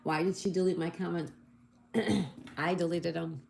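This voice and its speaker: A woman with a slightly low voice chats her way through a live crossword stream. She reads viewers' comments aloud and greets each one cheerfully. The room rings with echo, and a faint noise sits underneath. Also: steady tone, unhurried, creaky, darkish tone. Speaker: livestream host. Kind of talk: casual live chat reading comments.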